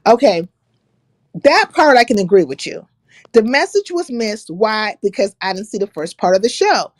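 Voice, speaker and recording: A woman's voice: medium pitch, sing-song, normal speed, no echo. A woman hosting a livestream, casually reading out another creator's words and rebutting them with blunt, profane sarcasm. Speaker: livestream host.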